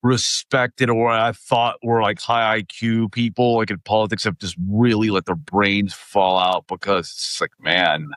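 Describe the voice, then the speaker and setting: A man hosting a podcast in casual chat, relaxed and plain-spoken, chuckling along with his guest. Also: on the low side, measured pace, hardly any pauses, no room sound, studio quality. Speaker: podcast host.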